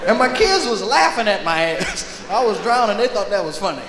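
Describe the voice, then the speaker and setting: A male stand-up comedian telling profane, animated stories on stage and acting out voices. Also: sits high, a little fast, in a large hall. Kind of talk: live stand-up storytelling. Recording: live concert album with crowd and hiss.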